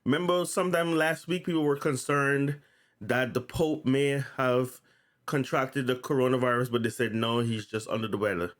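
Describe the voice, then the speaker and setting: A man's voice: mid-range voice, fairly even intonation, moderate pace. A man hosting his own channel, reading news notes aloud in a casual way and often stuttering, repeating and restarting words. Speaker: channel host.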